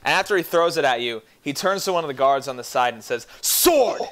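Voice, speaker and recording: A man's voice: mid-range voice, expressive, fast, a bit bright, clean tone. A man narrating as game master in casual chat, laughing often and swearing casually.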